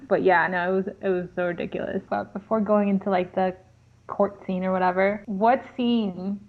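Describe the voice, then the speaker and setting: A young woman co-hosting a casual podcast about a movie, expressive with dramatic reactions and laughter. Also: mid-range voice, a little fast, phone-quality sound. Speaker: podcast co-host. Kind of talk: casual chat reviewing a movie.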